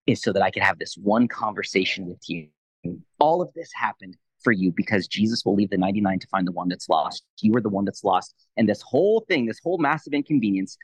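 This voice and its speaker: A man in his thirties sharing a personal faith testimony in a quick, animated way, acting out both sides of a conversation. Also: sits low, dry recording, rough recording. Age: 30s. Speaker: Christian leader, podcast guest.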